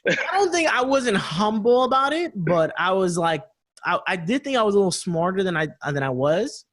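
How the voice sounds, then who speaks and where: A man's voice: high-pitched, very animated, moderate pace, fairly bright tone. A man co-hosting a casual podcast chat, telling a story in loose slang and acting out both sides of a conversation. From United States. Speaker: podcast co-host.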